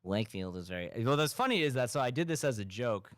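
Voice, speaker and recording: A man from Massachusetts hosting a casual comedy podcast, rambling in a deadpan, ironic way with lots of "like". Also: mid-range voice, fast talker, no room sound, studio quality. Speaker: podcast host.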